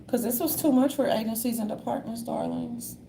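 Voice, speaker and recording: A woman in a casual monologue, reading from notes in a sassy manner and calling listeners darlings, with a gravelly voice. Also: fairly high pitch, steady tone, a little fast, warm tone, a little hiss or hum.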